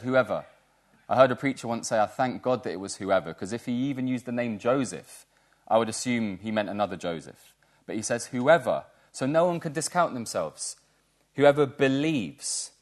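A man preaching a sermon in a church, earnest and emphatic, repeating key words for stress. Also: medium pitch.

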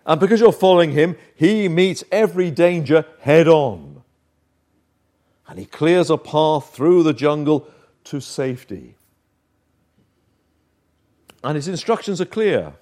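A man preaching a sermon, earnest and emphatic, with dramatic pauses and swings of volume. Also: fairly high pitch, lively intonation, mellow.

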